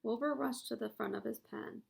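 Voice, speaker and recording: A woman's voice: fairly high pitch, moderate pace, creaky, slightly rough. A woman reading a children's novel aloud. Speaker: reader.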